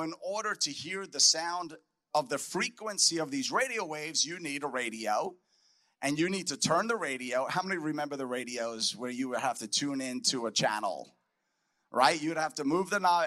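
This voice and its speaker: A man's voice: on the high side, sharp tone. A man preaching a conference sermon, emphatic and repeating his key phrases for the crowd. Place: conference hall.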